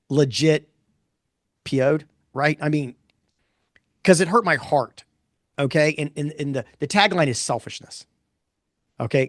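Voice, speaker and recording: A middle-aged man presenting poll findings in a casual live talk, blunt and animated, rambling with restarts. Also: fairly high pitch, no room sound, studio quality. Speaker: pollster presenting poll results.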